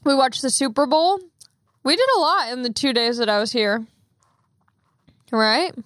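Young woman podcaster, quick chatty storyteller, fairly high voice, dry mic. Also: a bit bright, no echo. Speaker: podcast host. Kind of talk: casual chat.

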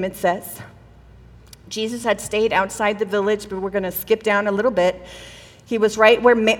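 A woman's voice: fairly high pitch, fairly bright tone, in a large hall. A woman preaching a sermon in a conversational way, acting out the quoted voices of the people in the story. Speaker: pastor. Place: church hall.

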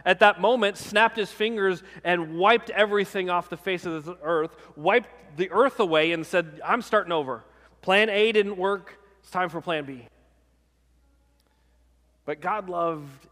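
A man's voice: high-pitched, fairly bright tone, in a large hall. A man, a pastor, preaching a sermon in a conversational way, often checking in with the congregation.

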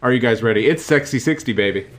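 A man's voice: medium pitch, fast talker, a bit bright. A man hosting a casual podcast quiz, reading out headlines and laughing at his own slips. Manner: giggly, self-interrupting, laughs at own jokes. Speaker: podcast host.

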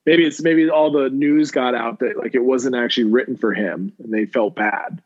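A man's voice: medium pitch, moderate pace. A man co-hosting a podcast in casual chat, swearing often, repeating himself and laughing. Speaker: podcast co-host. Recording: muffled lo-fi audio.

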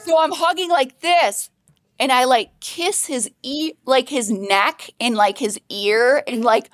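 Excitable woman, lively voice, dry sound. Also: sits high, unhurried, no echo. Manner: bubbly, excitable, laughs often. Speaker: podcast guest. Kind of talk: casual storytelling.

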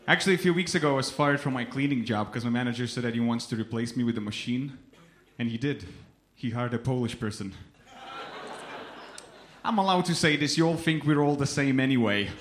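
Lithuanian-accented man doing deadpan stand-up. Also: medium pitch, fairly quick, roomy sound, slight background noise. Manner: deadpan storytelling, acts out quoted people. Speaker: stand-up comedian. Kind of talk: stand-up comedy set. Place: comedy club stage.

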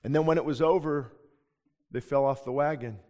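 A man's voice: fairly high pitch, moderate pace, darkish tone. A man preaching as a pastor, earnest and emphatic, often restarting his sentences. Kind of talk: sermon. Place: church sanctuary. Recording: long reverb of a church hall.

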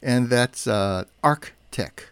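A man's voice: medium pitch, slow, clean tone, no echo. A man co-hosting a casual tech podcast, chatty and rambling, often correcting himself mid-sentence. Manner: chatty, rambling, self-correcting with many fillers. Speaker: podcast co-host.

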